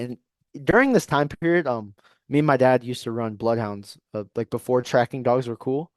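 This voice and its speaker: A young man telling a hunting story on a podcast in a casual, animated way, often asking "you know what I mean". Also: mid-range voice, a little slow, long pauses, smooth, dry recording. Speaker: podcast guest.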